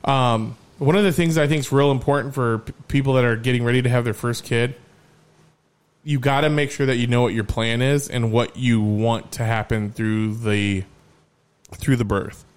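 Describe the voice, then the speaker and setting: Podcast host guy, animated storyteller, swears a lot, casual chat. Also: mid-range voice, normal speed, smooth.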